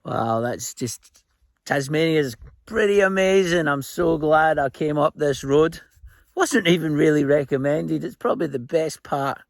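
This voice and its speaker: A chatty Scottish man in his fifties spins rambling, jokey stories outdoors on a remote road. His voice sits a touch high, and the sound is close and dry with no room around it. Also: unhurried, gravelly, no echo. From Scotland. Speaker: fly-tying vlogger. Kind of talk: casual anecdotal storytelling.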